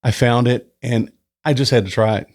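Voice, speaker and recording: A man hosting a casual beer review, chatting at home into a new microphone. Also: moderate pace. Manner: chatty, relaxed, lively pitch. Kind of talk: casual review with read-out history segment. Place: indoors at home, summer. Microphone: new desk microphone.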